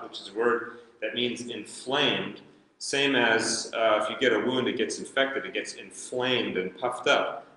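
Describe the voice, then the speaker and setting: A man's voice: medium pitch, bright, forceful tone. A man teaching a verse-by-verse Bible study in a conversational way, reading scripture aloud and chuckling now and then, in a large room. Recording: very echoey hall with long reverb.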